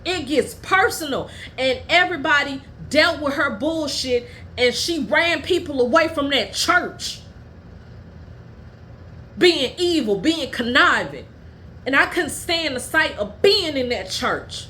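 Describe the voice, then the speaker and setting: A woman hosting her own podcast, telling personal stories in a blunt, profane and heated way, at times dropping low and quiet. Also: lively intonation, slow, slight background noise. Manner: drops low and quiet when telling family matters. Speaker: podcast host. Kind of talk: candid personal storytelling.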